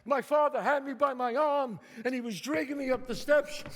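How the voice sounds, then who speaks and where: A man from the Bronx, New York, delivers theatrical storytelling solo on stage, his very high, somewhat bright voice moving at normal speed through a vivid, street-smart narrative. The sound carries hall reverb.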